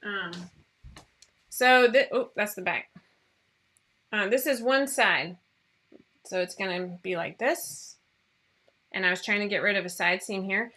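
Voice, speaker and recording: Bubbly chatty woman with a bright voice. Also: medium pitch, unhurried, long pauses. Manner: chatty, bubbly, rambling with many fillers. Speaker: host of a sewing pattern company show. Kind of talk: casual live-stream chat.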